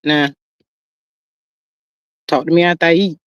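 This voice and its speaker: A woman's voice: fairly high pitch, moderate pace, dry recording, clean studio sound. A woman hosting a casual livestream chat, greeting viewers and talking in a chatty, playful way with lots of slang. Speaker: livestream host.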